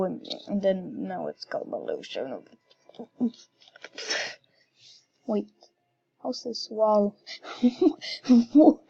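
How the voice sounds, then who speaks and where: Slow-talking woman game commentator, giggly and gushing, dull recording. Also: medium pitch, gravelly, warm tone, husky. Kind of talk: casual gameplay commentary.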